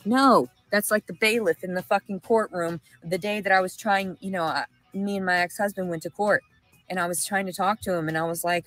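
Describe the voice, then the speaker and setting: A woman's voice: lowish voice, steady tone, fairly quick, a bit bright, dry recording, faint music behind, low-quality recording. A woman with a Southern American accent, rambling emotionally and swearing through a livestream monologue. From Arkansas, USA.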